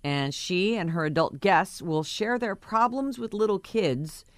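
A woman's voice: medium pitch, measured pace, no room sound. A woman co-hosting a radio talk show, chatting casually as she reads out entertainment news items with her own asides.

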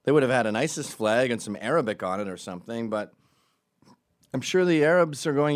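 A man's voice: medium pitch, animated, fairly quick, no room sound, clean studio sound. A man hosting a podcast who talks through a casual comic monologue in a profane, rambling and sarcastic way.

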